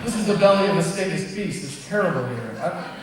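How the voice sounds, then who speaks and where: A man's voice: sits high, lively intonation, fairly quick, very noisy. A man in his thirties giving a blunt, emphatic speech to a live crowd as an activist speaker, heard from far off. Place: large event space with crowd. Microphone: distant mic, recorded from far off. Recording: echoey hall, far from the mic.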